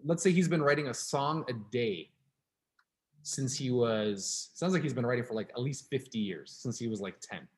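A man's voice: mid-range voice, expressive, brisk. A man co-hosting a podcast, talking casually in rambling sentences with frequent restarts. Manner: rambling, restarts often, laughs while reading. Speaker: podcast co-host. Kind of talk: casual chat.

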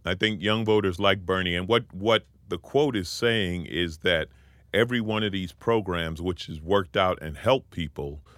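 A man's voice: deep voice, moderate pace, fairly bright tone, no echo. A man co-hosting a talk show and giving his opinions assertively. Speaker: co-host.

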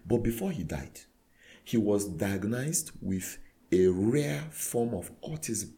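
A man, a clergyman guest, telling a story in conversation with earnest, animated retelling that acts out dialogue. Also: on the low side, slow pace. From Nigeria.

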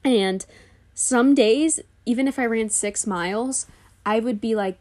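A woman's voice: fairly high pitch, unhurried, a little mellow. A young woman hosting a podcast, talking candidly in a casual monologue and dropping plenty of "like" fillers. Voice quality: chatty, full of "like" fillers. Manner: candid, confessional storytelling. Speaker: podcast host.

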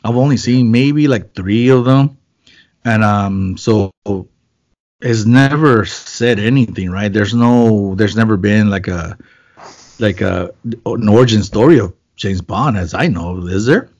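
A man's voice: on the low side, a little slow, darkish tone, highs cut off. A man chatting casually as a podcast co-host, loose and rambling, swearing and joking. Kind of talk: casual chat.

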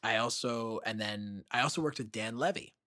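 Bright-voiced animated young man. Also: lowish voice, normal speed, no room sound, clean studio sound. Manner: animated, swearing, acts out quoted voices. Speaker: podcast co-host. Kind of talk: casual chat, storytelling.

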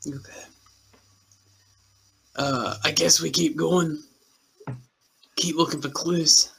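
A man playing a tabletop role-playing game, speaking partly in character to other characters, slow and musing. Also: a little high, fairly even intonation, gravelly, a bit bright, slightly rough, low-quality recording. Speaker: player.

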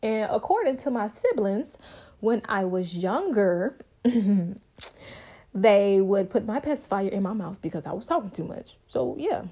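A young woman hosting her own podcast, telling her story in a bubbly, talkative, casual way. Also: a little slow. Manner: bubbly, talkative, expressive with sudden high pitch jumps. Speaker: podcast host.

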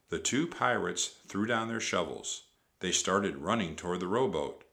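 A man reading a children's storybook aloud with animated delivery. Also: low voice, moderate pace, creaky. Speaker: narrator.

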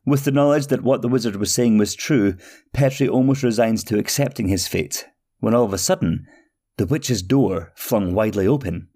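A man hosting a storytelling podcast, reading a fairy tale in steady, expressive narration. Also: lowish voice, moderate pace.

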